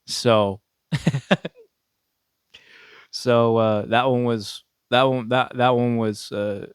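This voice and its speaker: A man's voice: medium pitch, slow pace, pauses often, clear, resonant tone, no echo, clean studio sound. A young man casually telling a story, swearing freely and laughing often between his words. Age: young adult. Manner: profane, laughing often, restarts a lot.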